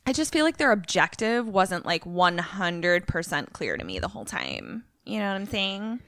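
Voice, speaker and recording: A woman's voice: medium pitch, very animated, moderate pace, fairly bright tone, no echo. A young woman co-hosting a podcast, talking casually and reacting with disbelief. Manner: incredulous, exclaiming, laughing. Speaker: podcast co-host. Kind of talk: casual chat.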